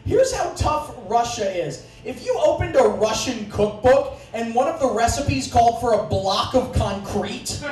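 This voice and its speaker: A young man doing a profane, sarcastic stand-up comedy set on a club stage. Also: extremely high pitch. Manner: profane, sarcastic, deadpan asides. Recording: distant, echoey club recording with audience noise.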